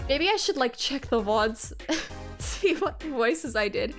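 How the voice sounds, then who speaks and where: A woman's voice: high-pitched, big pitch swings, slow, soft background music. A young woman streamer giving casual let's-play commentary, chatty and laughing at herself.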